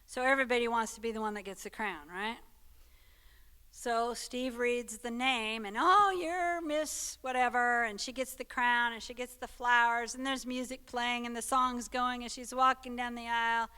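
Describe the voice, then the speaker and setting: Woman, Sunday school teacher; bright, crisp voice, chatty, keeps checking in with the class. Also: on the high side, flat delivery, moderate pace. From Texas. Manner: conversational, checks in with listeners. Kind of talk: church teaching talk.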